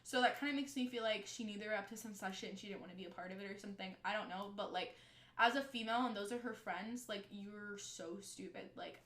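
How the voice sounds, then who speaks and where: A young woman telling a story from her own life in casual storytime style, animated and swearing freely as she quotes the people involved. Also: mid-range voice, reverberant.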